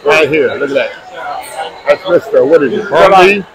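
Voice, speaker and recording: A man's voice: a little high, a little slow. A man giving casual walking vlog narration at outdoor food tents, talking straight to viewers as y'all. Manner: chatty, addresses viewers as y'all. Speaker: food vlogger. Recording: busy crowd noise around.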